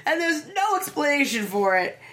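A woman's voice: high-pitched, big pitch swings, moderate pace, fairly bright tone. A woman co-hosting a podcast, giggly and rambling. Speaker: podcast co-host. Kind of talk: casual chat.

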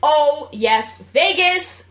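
A young woman co-hosts a casual gaming and gadget podcast, chatting in a bubbly, joking way and rambling with fillers. Her voice sits a little high. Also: animated, extremely slow, fairly bright tone. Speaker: podcast co-host.

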